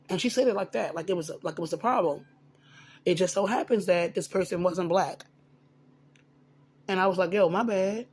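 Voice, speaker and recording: A man vlogging in a casual personal monologue into a phone, rambling with frequent restarts and repeated words. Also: high-pitched.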